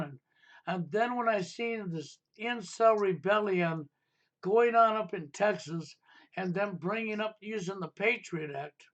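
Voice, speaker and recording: A man's voice: sits high, fairly bright tone. A man hosting a live stream, ranting insistently and repeating rhetorical questions. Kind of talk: heated political talk stream.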